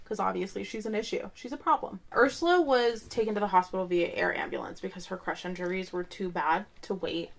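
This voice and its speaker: A woman's voice: medium pitch, fairly quick, vocal fry, few pauses. A woman co-hosting a true-crime podcast, telling the case in a blunt, joking chat and swearing freely. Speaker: podcast co-host.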